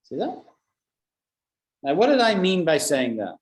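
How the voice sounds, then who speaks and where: A man's voice: on the high side, huge pitch swings, measured pace, reverberant. A man with a British accent, teaching an online English lesson in a chatty way, explaining with examples and checking that his students follow. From Britain.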